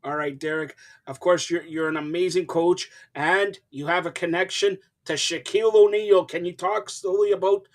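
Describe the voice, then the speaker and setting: Excitable male talk host with a high voice, joking and repeating words. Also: normal speed, few pauses. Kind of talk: casual interview chat.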